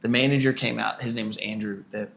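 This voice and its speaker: A man in his early forties, a podcast co-host, telling a work story in a casual, animated way and acting out the people in it. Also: lowish voice, fast talker, vocal fry. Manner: animated storyteller, acts out quoted people loudly.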